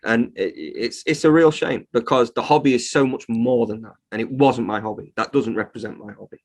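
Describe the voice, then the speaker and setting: A man's voice: mid-range voice, fairly quick, a little mellow. A man who runs a reptile shop, talking heatedly in a casual podcast interview, swearing freely as he rants. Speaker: reptile shop owner, guest.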